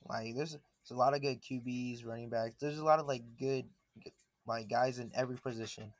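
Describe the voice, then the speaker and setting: A man's voice: mid-range voice, fairly even intonation, a little fast, no echo. A man co-hosting a sports podcast in casual chat, laid-back and slangy with short interjections. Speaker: podcast co-host.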